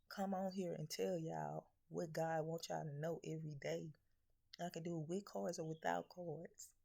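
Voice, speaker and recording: This woman speaks with a fairly low, mellow voice that has some vocal fry. She is a spiritual reader preaching bluntly to her viewers, scolding and swearing while piling on rhetorical questions.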